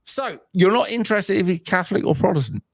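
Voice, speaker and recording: A man hosting a live call-in stream, talking in a teasing, animated way and cutting in on callers. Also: sits high, fast, vocal fry, no room sound. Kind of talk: casual call-in chat.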